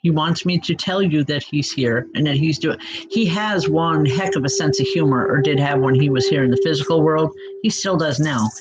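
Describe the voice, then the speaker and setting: A woman giving spiritual readings live to online viewers, speaking gently and reassuringly, calling people by name with many soft hesitations. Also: low-pitched, normal speed. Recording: dull lo-fi sound with music behind. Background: background music.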